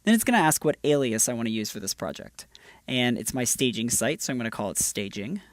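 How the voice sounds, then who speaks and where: This tutorial presenter, a developer advocate, has a medium-pitched, animated voice and moves at a quick pace. He goes through each screencast step in a casual, upbeat way, with no echo.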